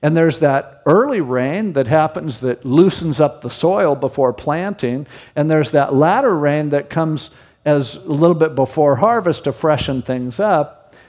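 A man's voice: on the high side, lively intonation, unhurried, a little mellow. A man preaching a Bible-teaching sermon in a conversational way, often asking rhetorical questions. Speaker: pastor. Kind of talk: expository sermon. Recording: long hall reverb.

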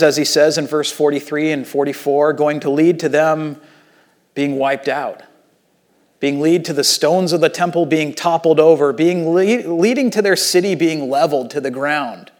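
Male pastor, sermon delivery, conversational, slightly high pitch, swings from loud to hushed.

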